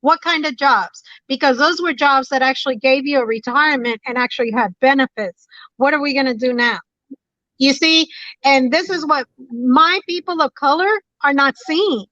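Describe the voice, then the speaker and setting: A woman's voice: high-pitched, normal speed, bright, forceful tone, no echo. A woman calling in to a talk show, speaking with preachy emphasis and repeating her points. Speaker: caller. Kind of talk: impassioned call-in talk. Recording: dull lo-fi phone line.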